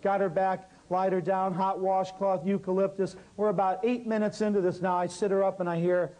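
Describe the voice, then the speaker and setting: A man's voice: high voice, a little fast, rough recording. A man teaching a natural healing workshop, telling a story and talking straight to his audience. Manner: lively, talks straight to the audience.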